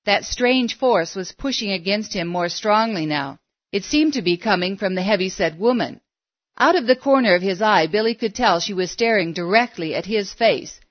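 A woman narrating a story in a measured, steady storytelling manner. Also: medium pitch, no room sound. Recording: dull, dry lo-fi recording.

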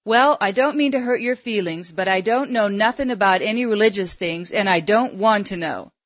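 A woman reading aloud as a curt young male game warden in a storybook, gruff and defensive, with short rustic replies. The recording is dry and a little dull and lo-fi. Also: high voice, moderate pace, no echo, natural voice.

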